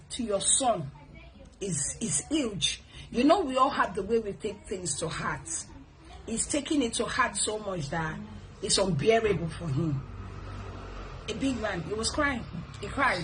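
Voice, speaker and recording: A middle-aged woman with a Nigerian accent hosts a casual advice talk, animated and a bit preachy. Her voice sits a touch high, and a faint noise hums behind her. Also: poor audio. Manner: animated, preachy, with laughs and repeated blessings. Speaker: host. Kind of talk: casual advice talk, reading viewer comments.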